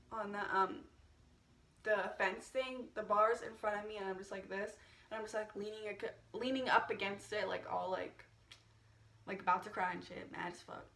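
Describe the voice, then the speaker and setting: A woman's voice: fairly high pitch, fairly bright tone, echoey room, distant mic. A young woman in a casual storytime vlog, chatty, laughing often and swearing freely. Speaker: vlogger.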